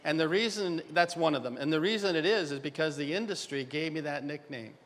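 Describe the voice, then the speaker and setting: An older man from Canada gives a conference lecture with a wry, self-mocking humor, bantering with the crowd. His voice sits a bit high for a man. The sound rings with the long reverb of a large hall. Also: brisk, fairly bright tone. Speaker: dental radiology lecturer.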